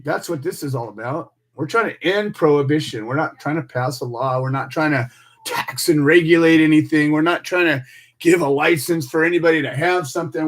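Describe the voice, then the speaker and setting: An American man hosts a radio show and delivers an impassioned monologue. He talks in a fiery, preachy way, stacking rhetorical questions and repeating himself for emphasis. His voice sits a bit high for a man.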